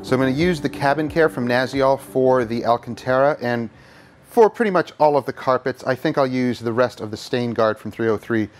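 A man's voice: mid-range voice, a little fast, soft background music. Easygoing man explaining car detailing. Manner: relaxed, plain-spoken, easygoing teasing. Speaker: car detailer and channel host. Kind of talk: hands-on instructional commentary.

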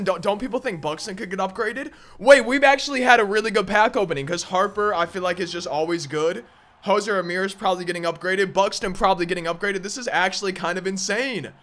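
A young man hosts a gaming channel with excited, chatty gameplay commentary. His voice sits high and sounds bright and forward. He often repeats his words and breaks into loud exclamations. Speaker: gaming YouTuber.

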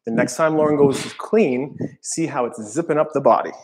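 A man's voice: mid-range voice, moderate pace, noisy background. Man coaching kettlebell technique. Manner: explanatory coaching commentary. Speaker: co-instructor. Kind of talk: live workout class coaching.

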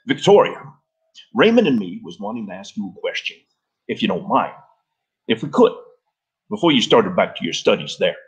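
A man's voice: fairly low pitch, huge pitch swings, normal speed, long pauses, breathy edge, heavily acted. A man voicing an earnest old rancher in a literary reading, talking in folksy rural grammar.

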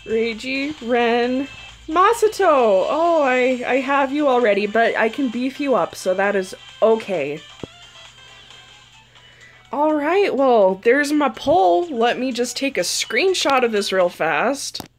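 High-voiced young woman reacting to pulls. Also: animated, slow pace. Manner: emotional, talks to herself and the game characters. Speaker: gaming channel host. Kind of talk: casual gacha-pull commentary. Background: faint game music.

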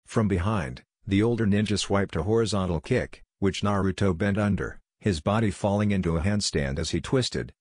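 A man narrating a fan-fiction story in a steady, descriptive read. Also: sits low, slightly rough, dry recording, clean studio sound.

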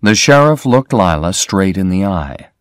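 A man reads a graded story aloud for learners, slow and clear. His pitch moves in a lively way, and the recording is very dry and close. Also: dry recording. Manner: slow, clear, plain reading. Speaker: story reader. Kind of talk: scripted narration of a graded reader.

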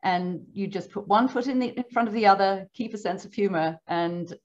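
A British woman being interviewed as an author, speaking in a wry, warm way with frequent ums. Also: medium pitch, a little fast, lo-fi sound. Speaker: author guest. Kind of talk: casual interview chat.

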